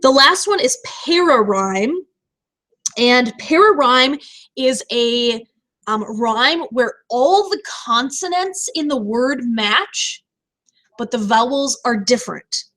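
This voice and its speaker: A woman teacher explaining poetry terms in a recorded lecture, slowing down to stress key words. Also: a little high, animated, a bit bright.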